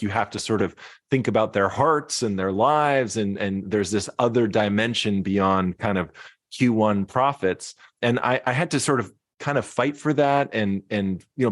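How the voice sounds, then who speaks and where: A Canadian man, a musician and speaker, appears as a podcast guest and reflects in casual interview talk full of restarts and fillers. His pitch is fairly low, and the studio-quality recording has no echo.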